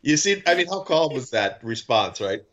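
A man's voice: medium pitch, moderate pace, lo-fi sound. A man co-hosting a casual podcast chat, telling stories animatedly and acting out quotes. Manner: animated storyteller, acts out quotes. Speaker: podcast co-host.

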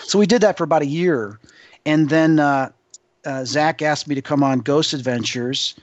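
A male guest telling an excitable, rambling story as a paranormal investigator, acting out other people's voices. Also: on the high side, normal speed, dry recording, muffled recording. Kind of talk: animated anecdote storytelling.

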